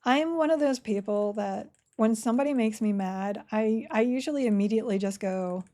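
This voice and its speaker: A woman's voice: on the high side, moderate pace, few pauses, warm tone. A woman live-streaming a game, chatting cheerfully and answering questions from chat as she plays. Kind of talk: casual live-stream chat while playing.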